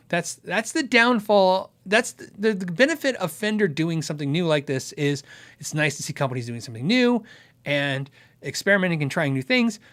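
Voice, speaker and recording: A man's voice: sits high, a bit bright. A man hosting a casual livestream, answering viewer questions about gear in a chatty, rambling way. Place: Arizona.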